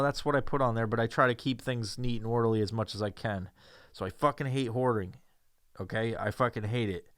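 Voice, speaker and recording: Cast a man from New York, podcast host: foul-mouthed, ranting, joking, smooth clear voice, dry close mic. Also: mid-range voice, fairly bright tone, dry recording. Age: adult with a child. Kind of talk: podcast monologue.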